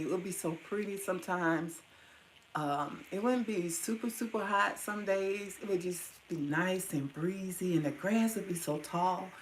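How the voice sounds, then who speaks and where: A middle-aged woman tells personal memories straight to her viewers, calling them y'all. Her voice sits low with a gravelly fry, tender and at times teary-eyed. A faint hum of room noise runs underneath. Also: rough recording. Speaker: vlogger.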